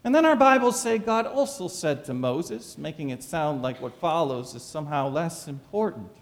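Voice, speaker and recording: A pastor preaching a sermon, full of dramatic rhetorical questions. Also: male voice, on the high side, lively intonation, normal speed, vocal fry, long reverb tail.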